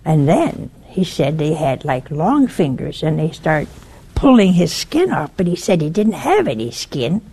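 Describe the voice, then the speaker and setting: A woman speaks slowly in a low, gravelly voice with a husky edge. She delivers an informal religious talk on a broadcast network. She is earnest and warning, and she walks through a story one step at a time. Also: very animated, warm tone.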